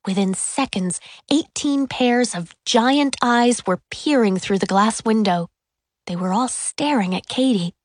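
Slow, expressive woman reading a storybook. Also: on the high side, no room sound, studio quality. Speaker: audiobook narrator. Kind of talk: storybook narration.

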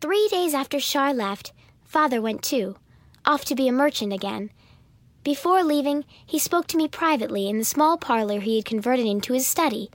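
A woman reads a storybook aloud in the first person, clear and even, with a high voice. The recording is close and dry, with no room sound. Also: moderate pace, no room sound. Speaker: audiobook narrator.

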